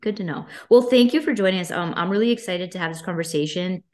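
A woman from Boston hosting a casual podcast interview, chatty and energetic, laughing often. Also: lowish voice, fast. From Boston, US East Coast. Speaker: podcast host.

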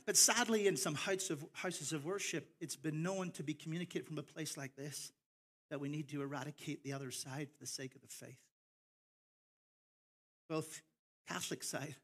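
A middle-aged man from Ireland with a softened Irish accent, preaching a sermon with passionate swells of emphasis and slowed key phrases. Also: on the high side. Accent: Northern Irish, softened by years in America. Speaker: pastor.

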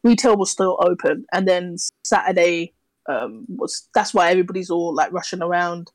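A woman's voice: fairly low pitch, moderate pace, no room sound, rough recording. A woman from London with a London accent, chatting casually and bluntly on a podcast. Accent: London English. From London, England. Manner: blunt, teasing, opinionated. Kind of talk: casual chat.

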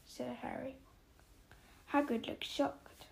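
Slow, creaky-voiced woman reading a story. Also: high voice, level tone, rough recording. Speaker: narrator.

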